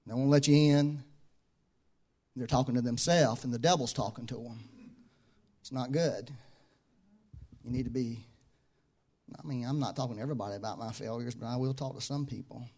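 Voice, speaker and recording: A man preaching a sermon as pastor, talking in a conversational way that shifts from quiet, low reflection to loud, high-pitched emphasis, and repeating key phrases to drive them home. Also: normal speed, long pauses, husky.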